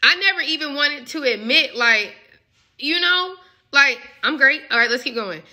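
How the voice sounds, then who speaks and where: A woman's voice: high voice, expressive, normal speed, sharp tone. A young woman giving a casual, emotional spiritual message reading as a love coach. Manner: emotional, musing, conversational.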